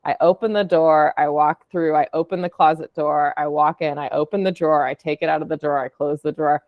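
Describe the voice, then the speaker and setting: A woman's voice: low voice, steady tone, a little fast, no room sound, phone-quality sound. A woman, an audio artist, casually presenting her work on a call in a chatty, upbeat way with lots of fillers. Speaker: podcast producer and audio artist.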